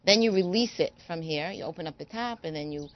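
A woman's voice: lowish voice, fairly quick, no echo, highs cut off. A woman guest on a talk show, explaining kitchen gadgets in a brief, matter-of-fact way. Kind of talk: studio talk show interview.

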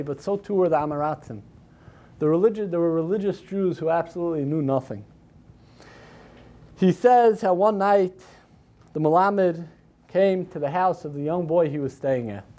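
A man's voice: high voice, darkish tone. A man giving a storytelling sermon at a community program, dramatically acting out the quoted lines.

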